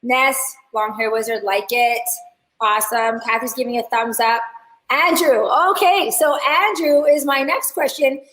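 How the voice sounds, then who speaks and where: A high-voiced woman leads a live online class in a chatty, animated way, calling on viewers in the chat. Her voice carries the echo of a roomy space. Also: unhurried. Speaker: hair educator.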